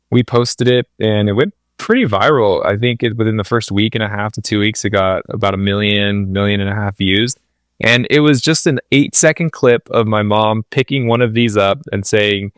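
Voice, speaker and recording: A man who co-founded a company, a podcast guest explaining things step by step in a relaxed, casual way. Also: fairly low pitch, clear, resonant tone, no echo, studio quality. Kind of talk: casual interview chat.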